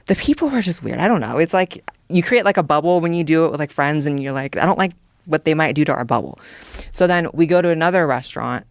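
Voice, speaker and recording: A man's voice: on the high side, expressive, quick pace, creaky, no echo. A man in casual podcast chat, earnestly telling a story and quoting the people in it. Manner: earnest, chatty, quotes people in dialogue. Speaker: podcast guest.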